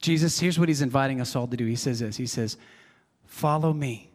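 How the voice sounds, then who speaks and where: A man's voice: mid-range voice, quick pace, darkish tone, big-room sound. A man preaching a sermon as pastor, earnest and conversational, repeating himself and adding asides.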